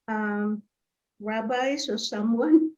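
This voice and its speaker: Woman, non-native English, high voice, slow hesitant questions. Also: darkish tone, lo-fi sound. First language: not English. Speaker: rabbi, participant.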